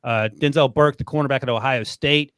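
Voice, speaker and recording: Man, mid-pitched, dry close sound, casual sports chat, teasing, laughs a lot. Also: a bit bright, clear, resonant tone, no echo. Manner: quick, laughs often, teasing. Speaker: podcast co-host.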